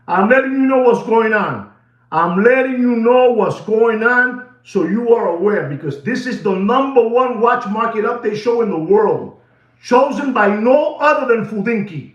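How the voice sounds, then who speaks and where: A man's voice: very high-pitched, lively intonation, moderate pace. A man hosting a watch market show, ranting heatedly and mixing English with Spanish slang. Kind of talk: ranting commentary. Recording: roomy, distant, dull sound.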